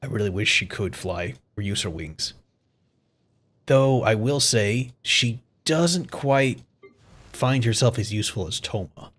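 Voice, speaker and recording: A man giving casual live-stream commentary as streamer, excitable, swearing freely and chuckling often. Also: fairly low pitch, measured pace.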